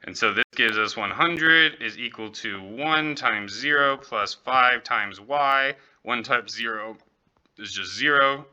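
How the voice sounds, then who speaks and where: A man's voice: medium pitch, slow pace, pushed and bright, clear, resonant tone, muffled recording. A man teaching economics, working through a problem step by step and checking in with students, with the occasional joke. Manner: light, joking asides. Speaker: economics professor. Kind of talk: classroom lecture.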